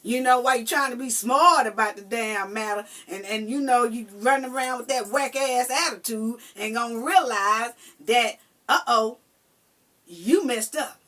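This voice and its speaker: A woman talks straight to her viewers about relationships in a loose, unscripted monologue. Her voice sits high and sounds bright and sharp. She is blunt, swears freely, and keeps circling back to her points with plenty of fillers. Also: moderate pace. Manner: blunt, profane and emphatic, talking straight to viewers; colloquial, with many fillers and repeated points. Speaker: relationship advice vlogger. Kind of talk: casual advice monologue.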